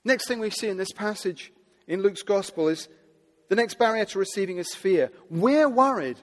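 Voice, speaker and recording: A man preaching a sermon to a seated audience, earnest and building to loud, emphatic quotations. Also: high voice, expressive, normal speed. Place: large hall with audience seating. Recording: long hall reverb.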